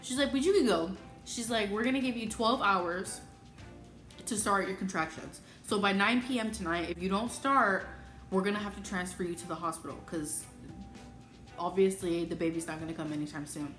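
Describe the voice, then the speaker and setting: Animated young woman in an echoey room. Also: normal speed. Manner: animated, acts out quoted speech in a higher voice. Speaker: vlogger telling her birth story. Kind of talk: casual storytelling. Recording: echoey room with clear background music.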